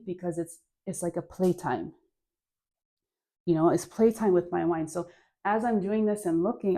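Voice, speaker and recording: A woman's voice: mid-range voice, mellow. A young woman leading a home dance workout, talking the viewer through moves in a chatty, encouraging way, with sighs of effort between cues. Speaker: dance instructor. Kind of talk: guided dance class.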